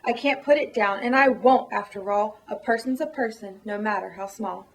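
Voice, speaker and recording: A gentle, earnest elephant, read aloud by a woman. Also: high voice, normal speed. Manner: earnest and pleading. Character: kind, loyal male elephant.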